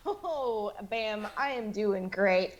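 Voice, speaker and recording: A woman's voice: mid-range voice, animated, takes it slowly, dull audio. A woman in the cast of a tabletop game stream, chatting casually and giggling as she talks. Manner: giggly, breaks into laughter. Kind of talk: casual chat on a livestream.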